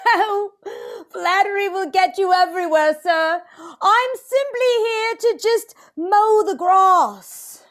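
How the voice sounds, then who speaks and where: A woman's voice: extremely high pitch, slow pace. A woman improvising a prim young British lawn worker in a put-on accent. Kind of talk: improv comedy scene.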